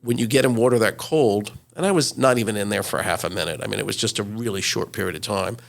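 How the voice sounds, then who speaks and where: Casting: gravelly sixties man, retired reporter, animated storyteller with plenty of "you know" and "uh". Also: on the low side, fast talker. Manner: lively anecdotal storyteller, frequent fillers. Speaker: retired TV news correspondent, guest. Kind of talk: interview storytelling.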